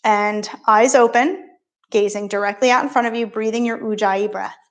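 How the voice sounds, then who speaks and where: Higher-voiced woman leading a yoga class. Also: fairly even intonation, normal speed. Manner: encouraging, playful step-by-step cueing. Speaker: yoga instructor. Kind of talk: live beginner yoga class instruction.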